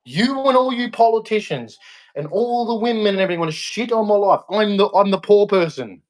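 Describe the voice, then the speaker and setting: A man's voice: high voice, brisk, a little mellow. Furious Australian man ranting at camera. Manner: heated, repetitive, confrontational. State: angry. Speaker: vlogger. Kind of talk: angry political rant to camera.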